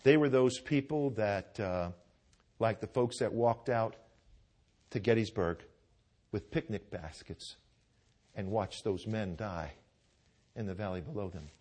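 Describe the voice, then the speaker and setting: In a church with pews, a man preaches a sermon at a measured pace, leaving long pauses; his voice sits on the low side and sounds a little mellow. Fervent but chatty, he keeps checking in with "Amen?" and starts his words over as the story unfolds.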